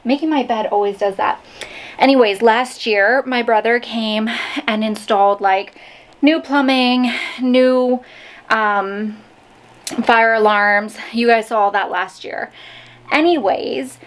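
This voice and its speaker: Out of breath, a vlogger talks slowly in a fairly high voice as she chats to camera in her home kitchen and bedroom. Her daily vlog is casual storytelling packed with fillers.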